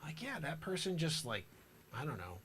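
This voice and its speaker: Playing a boastful self-styled time traveler, a man rambles through an improvised comic monologue full of conspiratorial asides. His fairly high voice is very animated at a moderate pace, and there's heavy background noise.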